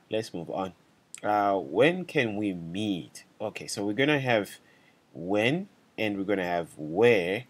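A man giving a casual language lesson, patiently repeating phrases slowly and checking in with "right?" and "okay?". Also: deep voice, slightly rough. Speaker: language teacher.

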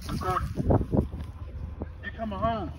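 A man's voice: sits high, fairly even intonation, unhurried. Angry father addressing the camera outdoors, mic set far back. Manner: emphatic, repeating short phrases, asking rhetorical questions. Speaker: father protesting a custody case. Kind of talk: impassioned outdoor speech to camera. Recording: distant mic with loud wind noise.

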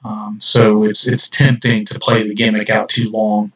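A man's voice: lowish voice, level tone, a little slow, fairly bright tone, slightly rough. A man reading his own short story aloud, stopping now and then to discuss editor's notes. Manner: reads steadily, breaks off to discuss edits. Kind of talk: live read-aloud and editing session. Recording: dull distant lo-fi recording.

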